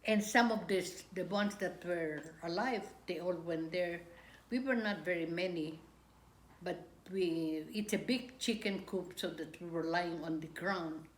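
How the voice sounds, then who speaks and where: An older woman, recalling her memories in an interview, talking haltingly with restarts and pauses. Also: on the low side. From Philippines. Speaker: grandmother recounting wartime memories. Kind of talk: oral history interview. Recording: echoey room, faint ambience.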